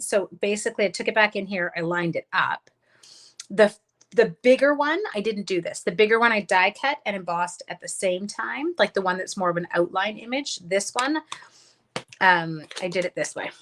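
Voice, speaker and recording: A woman's voice: mid-range voice, a bit bright, slight background noise. A woman chatting casually through a live card-making demonstration, thinking aloud and greeting viewers as she works. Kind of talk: casual live crafting demo.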